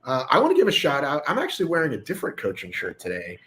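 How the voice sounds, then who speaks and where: A man's voice: on the high side, huge pitch swings, fast talker, fairly bright tone, rough recording. A man hosting a live online show, joking around and swearing freely in casual chat.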